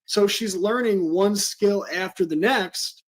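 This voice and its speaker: High-voiced man explaining teaching methods. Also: slow pace. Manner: explanatory, with frequent "um" fillers. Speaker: guest, home school educator. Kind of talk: interview talk.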